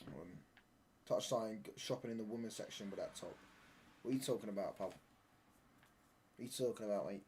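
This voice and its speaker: A man's voice: lowish voice, fairly even intonation, fairly quick, pauses often, warm tone, husky. A young man hosting a live football watchalong stream from home, reading out viewer chat and answering it with bantering, mock-indignant talk. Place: home room.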